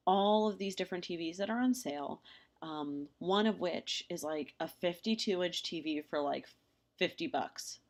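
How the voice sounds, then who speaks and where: Female lecturer, lowish voice, conversational and filler-heavy, narrating slides. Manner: casual, chatty with many ums and restarts; acts out lively quoted dialogue in examples.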